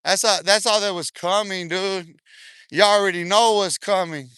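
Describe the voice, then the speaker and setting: A man on a livestream talks trash in a boastful, taunting rant, cursing freely and laughing often. His voice is bright and smooth, a little higher than most men's. It comes through a close, dry mic with no room sound. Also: fairly even intonation, moderate pace, dry recording.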